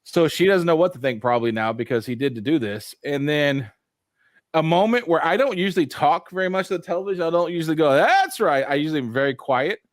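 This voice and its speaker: A man chats through a show recap, lively and quick to act out the characters' lines. His voice sits a little high and sounds dry and close to the mic. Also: no echo. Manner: animated, acts out scenes with put-on voices. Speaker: host. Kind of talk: casual review chat.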